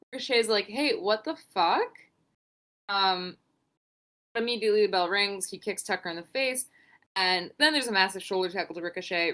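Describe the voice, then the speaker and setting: A young woman co-hosting a podcast, recapping wrestling in casual chat, swearing freely and acting out what people said. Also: medium pitch. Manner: animated, swearing, acts out quotes. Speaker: podcast co-host.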